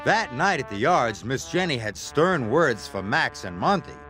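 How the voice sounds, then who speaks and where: Slow, very lively male storyteller. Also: mid-range voice. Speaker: narrator. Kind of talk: storybook read-aloud. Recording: read-aloud over background music. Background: music.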